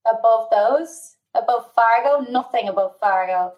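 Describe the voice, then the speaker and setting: A woman's voice: a little high, unhurried, muffled recording. A woman co-hosting a film podcast, chatting casually and enthusiastically. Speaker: podcast co-host. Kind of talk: casual film review chat.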